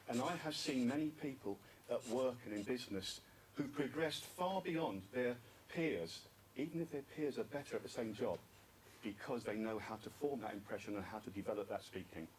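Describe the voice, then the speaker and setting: A man's voice: mid-range voice, lively intonation, normal speed. A man giving an interactive talk at a speaking club conference, asking the audience questions and repeating their answers. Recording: distant mic with faint background noise.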